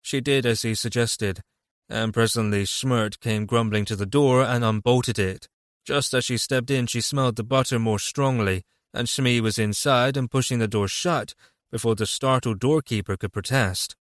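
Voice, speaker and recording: Man narrating an audiobook, steady and even. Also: mid-range voice, normal speed, no echo, studio quality. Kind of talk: scripted narration.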